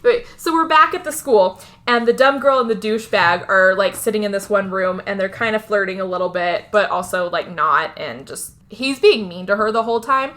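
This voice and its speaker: A woman's voice: medium pitch, normal speed, fairly bright tone. A woman co-hosting a podcast, recapping a film in casual chat with blunt, sarcastic remarks and free swearing.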